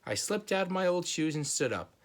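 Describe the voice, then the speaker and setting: A man's voice: on the high side, very animated, brisk, slight background noise. Man reading a children's book aloud. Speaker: reader.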